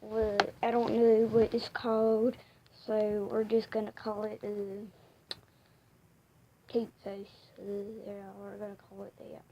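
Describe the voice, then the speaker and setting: A woman's voice: mid-range voice, completely flat delivery, slow pace, dull audio, a little hiss or hum. A young girl vlogging a playful crafts video, giggly and rambling, often dropping into whispered asides.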